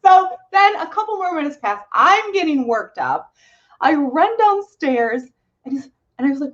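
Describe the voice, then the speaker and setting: A woman's voice: high-pitched, animated, moderate pace, highs cut off. A young woman co-host telling a dramatic story in casual chat, with gasps and laughs.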